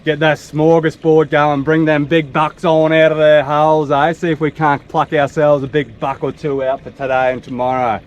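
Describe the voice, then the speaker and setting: A man with an Australian accent chatting casually to camera from a small boat, laid-back and slangy, recorded on an action camera. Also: on the high side. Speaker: fishing vlogger. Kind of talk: casual vlog talk to camera. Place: small open boat on the water. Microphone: action camera mounted on the boat. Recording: boat motor and wind noise.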